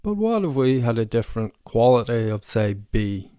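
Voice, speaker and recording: A man's voice: medium pitch, sing-song, moderate pace, mellow, clear, resonant tone, dry recording, studio quality. A man who is a language learner, giving a casual pronunciation lesson and repeating sounds to demonstrate them.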